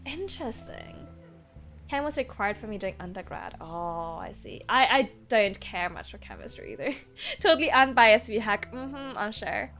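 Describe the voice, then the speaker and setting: A young woman with a high voice that leaps all over the place, gushing and chatting with her live-stream viewers. Faint game music hums underneath her voice. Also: sing-song, moderate pace, fairly bright tone. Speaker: variety streamer. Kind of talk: casual live-stream chat while gaming.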